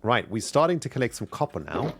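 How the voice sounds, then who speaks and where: A man's voice: mid-range voice, sing-song, fast talker, faint music behind. A man chatting casually while streaming a video game, upbeat and thanking his viewers as he plays. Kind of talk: casual live-stream commentary.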